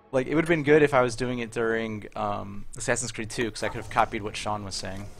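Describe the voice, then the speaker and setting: A man's voice: on the low side, fairly even intonation, normal speed, gravelly. A young man chatting casually while streaming a video game, rambling and joking with lots of fillers. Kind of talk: casual gaming chat. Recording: noisy game audio behind.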